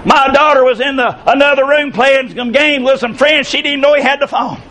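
A man in his sixties preaches a sermon with a strikingly high-pitched voice. He moves between storytelling and fervent, shouted emphasis on key words. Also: normal speed, slight background noise, poor audio. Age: 60s. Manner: impassioned, bursts into shouting emphasis.

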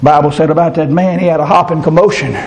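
Older pastor, man, fervent sermon delivery, slightly high voice, shouting peaks. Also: steady tone, fast talker.

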